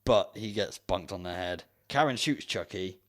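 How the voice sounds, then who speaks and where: A man's voice: low-pitched, lively intonation, normal speed. A man co-hosting a podcast, recapping a film plot in a jokey, casual way and laughing often. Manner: jokey, laughs often, acts out lines in silly voices. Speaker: podcast co-host.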